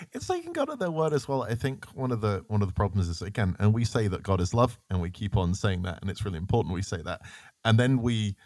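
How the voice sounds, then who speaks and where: Low-voiced man in casual faith talk. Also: fairly quick, no room sound, studio quality. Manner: animated, reads scripture aloud then riffs on it.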